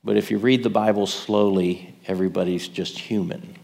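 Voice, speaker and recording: A man's voice: fairly low pitch, fairly even intonation, moderate pace, vocal fry, a little mellow, big-room sound. A man preaching a sermon in a conversational way, checking in with his listeners. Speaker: pastor.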